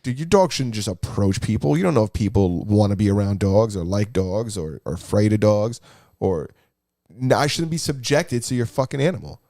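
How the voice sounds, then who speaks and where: A man's voice: on the low side, lively intonation, normal speed, warm tone, dry recording, studio quality. A man co-hosting a podcast, telling stories in a blunt, casual way and swearing freely. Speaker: podcast co-host. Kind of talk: casual chat, storytelling.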